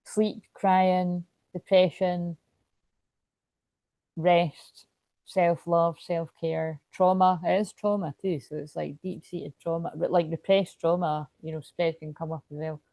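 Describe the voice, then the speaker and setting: Woman chatting on a livestream, lowish mellow voice, dry close sound, rambles a lot. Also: little pitch movement, takes it slowly, gravelly, no room sound. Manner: rambling, chatty, reads viewer comments. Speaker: spiritual astrology livestream host. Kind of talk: casual livestream chat.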